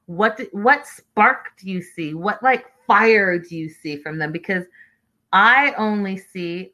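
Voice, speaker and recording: Bright chatty woman doing a live recap, keeps calling out to y'all, super animated. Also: medium pitch, slow, rough recording. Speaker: livestream host reading chat. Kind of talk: casual reality-show recap livestream.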